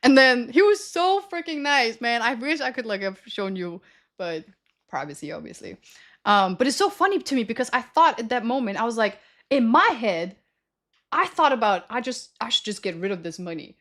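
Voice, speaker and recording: Slangy young woman streamer, slightly high voice. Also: sing-song, normal speed, fairly bright tone. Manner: rambling, self-correcting, slangy. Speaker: livestreamer. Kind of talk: casual storytelling to stream chat.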